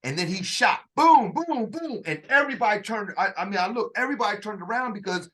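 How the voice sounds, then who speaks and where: Brief: fairly high-pitched man, conversational storyteller, lots of restarts and acted-out quotes. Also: lively intonation, fast talker, pushed and bright. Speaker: author telling his story.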